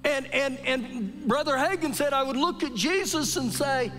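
A high-pitched male pastor preaches at a moderate pace, animatedly telling stories and performing the quotes in his sermon. Recorded live in the sanctuary during a service, the audio has a long reverb tail with faint music underneath.

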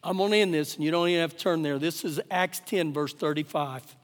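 A man preaching a live sermon as pastor, emphatic, repeating phrases and swinging between loud and hushed. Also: a little high, fairly quick. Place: church sanctuary during a service. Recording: long hall reverb, faint guitar.

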